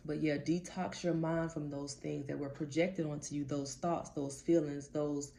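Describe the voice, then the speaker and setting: A woman's voice: low-pitched, steady tone, moderate pace, vocal fry, dark tone, slight background noise. Blunt, emphatic woman life coach. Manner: emphatic, blunt, repeats her points for stress; casual, slangy, addresses viewers directly. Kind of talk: motivational talk to camera.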